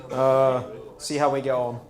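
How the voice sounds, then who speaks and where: A man's voice: mid-range voice, level tone, a little slow, darkish tone. Hesitant club chairman giving thanks. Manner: informal, hesitant with many fillers. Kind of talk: closing thank-you speech. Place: hotel function room at a dinner.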